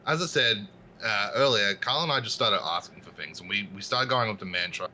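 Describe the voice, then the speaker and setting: A man who is a podcast guest, telling a story in an animated, casual way with many restarts. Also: fairly low pitch, a little fast, slight background noise, low-quality recording.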